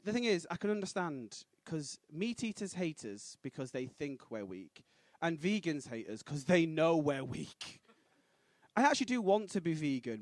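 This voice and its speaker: Casual: lad doing stand-up, swoops high and low, quick punchlines. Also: male voice, no echo. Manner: quick punchy delivery with sudden loud punchlines and voices. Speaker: stand-up comedian. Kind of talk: stand-up set. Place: comedy club stage.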